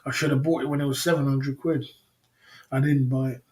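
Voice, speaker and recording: A man's voice: mid-range voice, little pitch movement, fairly quick, darkish tone. A man hosting a casual livestream, rambling about stocks and reading chat comments, often repeating "you know what I mean". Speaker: livestream host.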